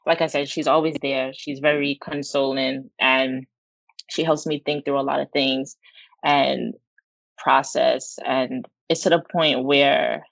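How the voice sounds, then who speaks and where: Woman, podcast co-host, earnest and rambling, gravelly, dry close sound. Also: extremely low pitch, steady tone, measured pace, fairly bright tone, dry recording, poor audio. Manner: earnest, rambling, many fillers. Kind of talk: heartfelt casual tribute.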